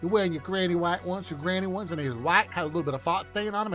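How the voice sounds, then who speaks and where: A man's voice: sits high, quick pace, a bit bright, soft background music. A man streaming, giving crude, rambling reaction commentary, mocking what he plays and laughing often.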